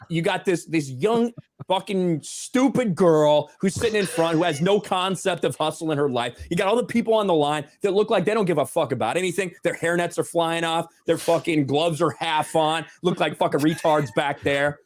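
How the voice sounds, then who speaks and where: An American man telling an indignant, profanity-heavy story as a show co-host, loud and animated. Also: on the high side, normal speed. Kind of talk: profane ranting anecdote.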